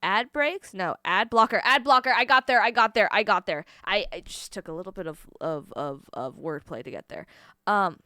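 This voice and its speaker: Bright, smooth-voiced young woman streamer. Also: mid-range voice, lively intonation, no echo, clean studio sound. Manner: rambling, swearing, quick self-corrections. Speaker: livestreamer. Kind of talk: casual stream chat.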